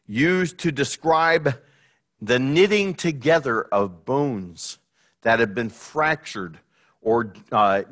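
A man preaching a sermon, speaking in a halting way with many fillers and restarts. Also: medium pitch, a bit bright. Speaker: pastor.

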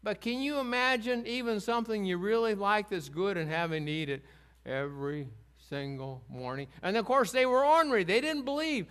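A man with a high, light voice leads a Bible study group. He talks in a homey, chatty manner, drifting into side stories and asides. He keeps asking the group questions and getting them to answer him. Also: expressive, moderate pace, fairly bright tone, clean tone. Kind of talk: informal Bible lesson with call-and-response.

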